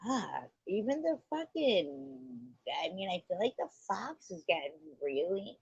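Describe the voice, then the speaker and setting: A woman's voice: mid-range voice, sing-song, unhurried, creaky, a little mellow, husky, no echo. A woman hosting a casual livestream chat, rambling and offhand, swearing freely, on dull lo-fi audio. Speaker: livestream host.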